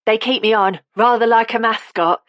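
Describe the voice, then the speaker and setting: A woman's voice: fairly high pitch, normal speed, a bit bright, no room sound, voice pushed up, natural voice. Woman voicing a chatty old Cockney lady. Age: older. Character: elderly woman, practical and no-nonsense.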